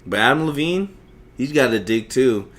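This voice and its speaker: A man's voice: mid-range voice, animated, moderate pace, fairly bright tone. A man in his thirties hosting a solo podcast, rambling freely with lots of swearing and self-mocking asides. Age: 30s. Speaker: podcast host.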